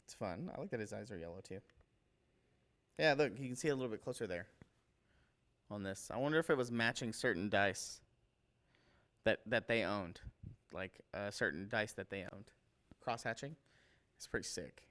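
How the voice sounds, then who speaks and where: A man with a fairly low, slightly bright voice hosts a casual livestream showing painted miniatures, rambling enthusiastically about fan work and stumbling over names. He sounds animated, speaks at normal speed, and pauses often.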